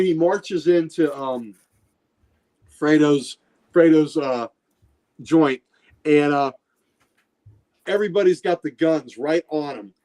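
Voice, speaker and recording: A man's voice: fairly high pitch, darkish tone. A middle-aged man hosting a podcast, retelling comic book scenes in casual, enthusiastic chat. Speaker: podcast host.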